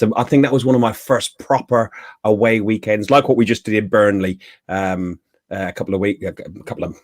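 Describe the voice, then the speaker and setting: A man hosts a casual football podcast, asking his guests easygoing questions. His voice sits low, and the recording is close and dry. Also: dry recording. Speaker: podcast host.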